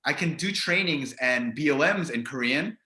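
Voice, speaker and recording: Bright-voiced American man on a roomy call. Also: mid-range voice, moderate pace. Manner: relaxed, laughs often, trails off with "so". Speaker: guest, business leader. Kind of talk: casual video-call interview. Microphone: video call. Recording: roomy echo.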